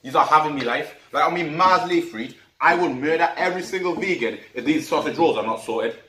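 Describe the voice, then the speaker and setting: A man from Africa with a Geordie accent goes on a fuming, foul-mouthed comic rant. His voice sits a little high. He is recorded off-mic in a roomy, echoing space. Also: brisk, sharp tone, recorded from a distance. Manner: angry, profane ranting. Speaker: comic vlogger. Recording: echoey room, off-mic.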